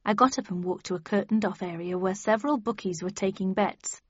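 A woman's voice: medium pitch, brisk, husky, dry recording. Woman narrating a novel, dull dry sound. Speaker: audiobook narrator. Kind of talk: scripted first-person narration.

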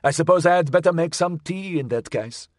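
A man's voice: fairly high pitch, a little fast, dry recording, clean studio sound, voice pushed up, natural voice. A man voicing an elderly woman who is a curt, reluctant hostess, in an audiobook.

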